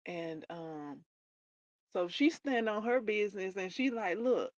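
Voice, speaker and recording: A woman's voice: medium pitch, lively intonation, unhurried, dry recording, highs cut off. A woman hosting a livestream, chatting casually about a book and retelling its scenes in her own words with playful asides. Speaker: livestream host.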